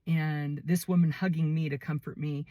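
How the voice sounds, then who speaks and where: A woman's voice: sits low, steady tone, moderate pace, dry recording, highs cut off. A woman who works in mental health, earnestly telling a heartfelt personal story in a conversational way. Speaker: mental health worker, formerly in prison reentry.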